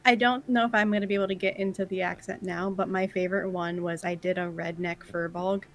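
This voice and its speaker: A woman's voice: lowish voice, fairly even intonation, fairly quick. A woman chatting casually and animatedly, laughing often. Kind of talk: casual chat.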